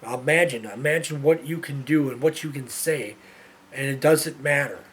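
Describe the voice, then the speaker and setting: A man's voice: mid-range voice, moderate pace, a bit bright, slightly rough. A man hosting his own show, ranting in an exasperated way, repeating himself and restarting his sentences. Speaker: show host. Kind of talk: ranting monologue.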